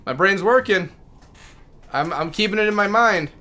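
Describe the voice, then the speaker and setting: A man's voice: high-pitched, expressive, normal speed, pushed and bright. A man streaming a game live, chatting casually and talking affectionately to his dogs. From Minnesota.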